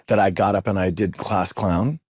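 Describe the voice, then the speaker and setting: A man's voice: low voice, steady tone, normal speed, a little mellow, slightly rough, dry recording, clean studio sound. A middle-aged man co-hosting a podcast, chatting casually and telling rambling, jokey stories with repeated words. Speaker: podcast co-host.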